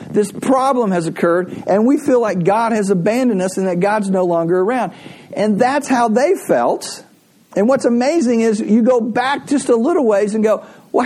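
A male pastor preaching a sermon in a relaxed, conversational way, telling stories and laughing often. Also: high-pitched, normal speed. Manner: conversational, animated storytelling with frequent laughs.

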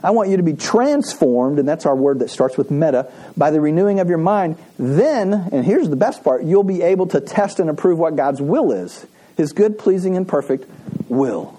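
A man's voice: a little high, animated, moderate pace, dark tone, slightly rough, poor audio. A man preaching a conversational sermon to his congregation. He repeats key phrases and asks the room to read scripture aloud with him. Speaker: pastor. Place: church service.

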